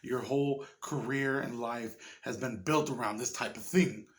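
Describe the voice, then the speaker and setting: A man reviewing a horror movie in a casual, rambling way, swearing often and getting excited. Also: mid-range voice, normal speed. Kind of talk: casual chat.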